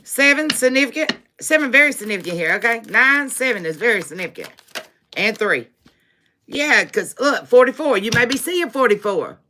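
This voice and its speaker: A woman reads tarot live for her viewers, her fairly high, bright voice swinging up and down with lively energy. She laughs often, repeats her points for emphasis and calls her listeners baby. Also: normal speed, slight background noise. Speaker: tarot reader. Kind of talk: live-streamed tarot reading.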